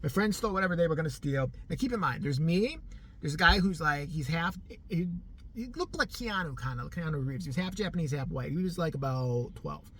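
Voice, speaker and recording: A middle-aged man spins a casual yarn for his viewers, his voice ringing bright and forceful. He swears freely and keeps breaking into laughter as he talks. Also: on the high side, brisk, slight background noise. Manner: animated, profane, laughs often while telling. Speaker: vlogger. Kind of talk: casual storytelling.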